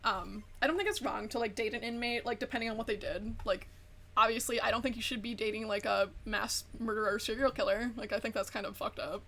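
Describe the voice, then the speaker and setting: A woman's voice: a little high, a little fast, fairly bright tone. A young adult woman streaming a game, chatting casually and animatedly, swearing freely and saying "like" a lot. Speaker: VTuber streamer. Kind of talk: casual chat while gaming.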